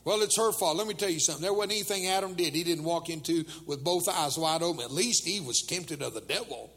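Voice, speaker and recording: A man's voice: fairly high pitch, quick pace, fairly bright tone, in a large hall. An older man preaching a humorous sermon to teenagers, telling jokes and acting out the voices of people in his stories.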